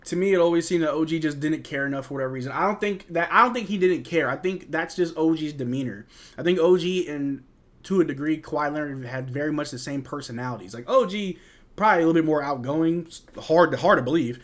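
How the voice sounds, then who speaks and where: A young man with a slightly high voice hosts a live fan stream. He calls the plays loosely and chats back to his viewers in a relaxed, joking way, tossing in bits of trash talk. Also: fast. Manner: chatty, reads and answers chat, jokes and trash talk. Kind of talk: casual live game watch-along commentary.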